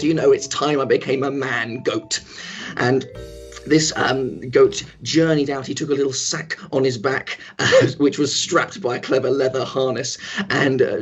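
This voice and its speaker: A man's voice: mid-range voice, highs cut off. Man rambling through an improvised story. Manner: rambling, with filler and self-corrections. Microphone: home computer mic on a livestream.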